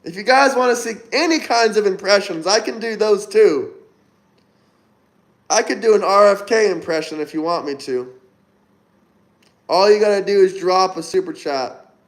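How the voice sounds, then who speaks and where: A man hosting a casual livestream, reading viewer comments aloud and giving upbeat, chatty shout-outs. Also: high-pitched, moderate pace, pauses often. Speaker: livestream host. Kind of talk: casual live-stream chat reading comments.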